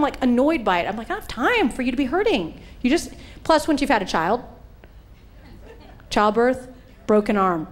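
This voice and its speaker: A middle-aged woman with a slightly high voice delivers a humorous sermon, animatedly telling stories and acting out the voices in quotes. A faint hiss or hum sits under the audio.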